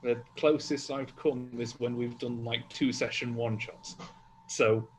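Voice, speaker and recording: A man with a British accent, speaking calmly and softly in a casual group chat. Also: mid-range voice, measured pace. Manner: calm, soft-spoken. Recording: noisy background.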